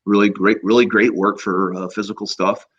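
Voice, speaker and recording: A man in his fifties, a chiropractor guest, telling casual stories in an animated way with frequent laughs. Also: lowish voice, normal speed. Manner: animated anecdotes, laughs often, acts out voices. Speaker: guest, chiropractor and energy healer. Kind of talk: casual storytelling. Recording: slightly muffled lo-fi audio.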